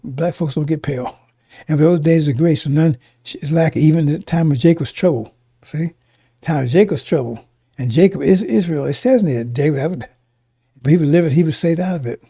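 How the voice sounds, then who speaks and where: Male preacher, husky dark voice, reads verses and breaks them down casually. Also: on the high side, a little fast. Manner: reads verses then explains in casual speech, many restarts and "right?". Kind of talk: sermon, reading scripture with commentary.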